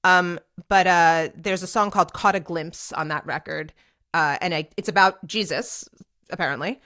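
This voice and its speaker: A woman in her forties hosts a casual solo podcast, speaking straight to the camera. Her voice sits a little low, and she rambles in a lively, chatty way, full of "like" and "um" and quick restarts. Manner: chatty and animated, many fillers and restarts. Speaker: podcast host and DJ. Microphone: speaking to a camera for a video podcast.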